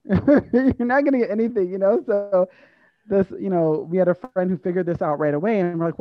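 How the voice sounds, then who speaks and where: Fairly quick and lowish, her voice sounds muffled but echo-free. This American interview guest, who works as university staff, tells animated conversational stories, often laughing as she acts out the dialogue.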